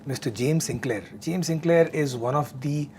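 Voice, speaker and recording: A man talking earnestly about meditation and cheerfulness, often pausing with fillers. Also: a little high, darkish tone, a little hiss or hum. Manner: earnest, frequent fillers and restarts. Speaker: devotional talk speaker. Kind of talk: conversational spiritual talk.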